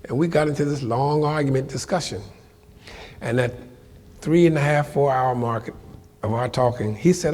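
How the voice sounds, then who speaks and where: Older man telling a lively story in a hall. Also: medium pitch, moderate pace, long pauses. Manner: animated storyteller, acts out voices, colloquial, laughs along. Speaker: guest speaker telling his life story. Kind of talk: storytelling talk to a live audience. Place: lecture hall before an audience.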